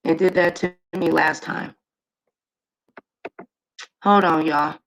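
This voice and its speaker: A woman's voice: low voice, steady tone, slow pace. A woman hosting a casual livestream, chatting straight to her viewers. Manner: chatty, addresses viewers directly. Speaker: livestream host. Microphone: streaming setup.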